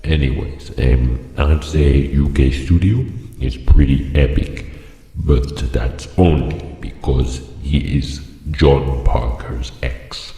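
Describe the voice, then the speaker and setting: A man giving mock-serious, rambling commentary as he ranks other creators, deadpan and full of fillers. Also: extremely low pitch, slow. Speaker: channel host ranking other creators. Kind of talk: joking tier-list commentary. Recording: echoey room with long reverb, faint music.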